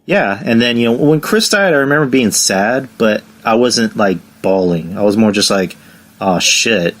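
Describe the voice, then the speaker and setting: On his relaxed podcast, the host tells stories and gives each character a voice when quoting them. He speaks at a normal speed, his medium-pitched voice animated.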